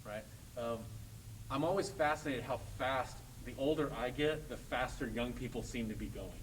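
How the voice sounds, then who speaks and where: A man's voice: medium pitch, normal speed, slight background noise. Middle-aged male clinician, direct rehearsal coaching with light joking. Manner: direct, joking, talks through examples. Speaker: conducting clinician.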